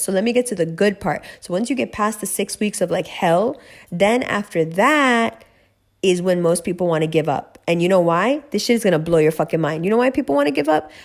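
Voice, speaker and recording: A woman who talks in a direct, emphatic way, swearing freely while she lectures. Her voice sits at an ordinary middle pitch. It is a casual ranting monologue, spoken as host. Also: a little mellow. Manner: emphatic, profane, preachy, direct. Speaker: podcast host, spiritual reader.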